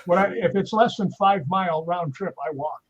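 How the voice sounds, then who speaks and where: A man's voice: high voice, normal speed, breathy edge, rough recording. A man telling stories in casual chat on a live stream, acting out the voices he quotes. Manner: animated storyteller, acts out quoted voices. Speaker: guest.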